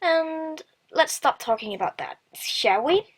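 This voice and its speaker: A woman's voice: high voice, expressive, measured pace, very noisy. A woman hosting a let's play from a computer mic at home, chatting casually, giggling and reading the game's text aloud. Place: house with family around. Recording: music playing behind.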